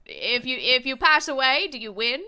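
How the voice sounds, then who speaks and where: High bright woman, giggly improv. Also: animated, normal speed, clean tone. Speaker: improv comedian playing a very old character. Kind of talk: improvised comedy roundtable.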